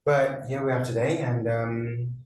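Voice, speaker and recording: A man's voice: mid-range voice, level tone, measured pace, a little mellow. Male host, effusive, laughs easily, echoey room, faint hiss. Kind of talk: casual interview hosting. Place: indoor room, on a couch. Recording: roomy echo, faint ambience.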